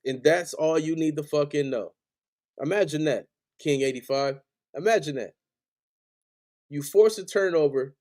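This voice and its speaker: A man's voice: on the high side, unhurried, long pauses, a little mellow. A man hosting a sports podcast, angrily ranting as a frustrated fan in heated, profane, repetitive bursts. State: angry. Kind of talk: angry fan rant on a live stream.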